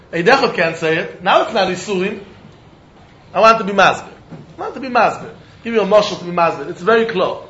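A man teaching a Talmud lesson, animated, often repeating words as he thinks and breaking into laughs. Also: very high voice. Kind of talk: Talmud study lecture. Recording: roomy, muffled recording with faint background noise.

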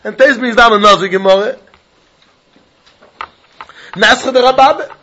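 A man with a Yiddish-inflected English accent teaching a Talmud lesson in an animated, sing-song learning cadence. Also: extremely high pitch, unhurried, a little hiss or hum. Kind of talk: Talmud lecture.

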